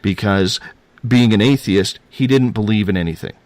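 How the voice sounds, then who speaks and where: A man's voice: lowish voice, moderate pace, darkish tone, no room sound. A man telling a personal paranormal story in a rambling, earnest way, repeating himself and using casual slang.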